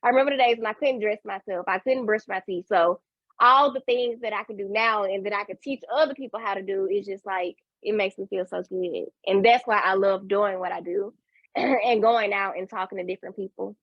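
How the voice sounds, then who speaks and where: A woman speaking as a peer mentor in a webinar conversation, telling her story with lively acted-out quotes. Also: mid-range voice, brisk, no room sound, lo-fi sound.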